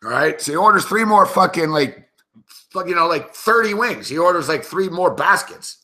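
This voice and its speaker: A man's voice: fairly high pitch, lively intonation, moderate pace, pushed and bright. A man hosting live betting commentary, telling a rambling, profane story with plenty of laughs between game calls. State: tipsy, recounting a night of drinking. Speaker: sports betting show host.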